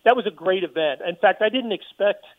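A man appearing as a guest sports reporter on a radio show, speaking in a relaxed, friendly way. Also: high-pitched, brisk, no echo. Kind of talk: casual radio chat. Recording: tinny phone line.

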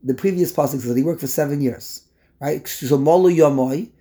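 Man, Torah teacher, higher pitch, mellow tone, quotes and translates Hebrew phrases. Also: normal speed. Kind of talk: text study lesson.

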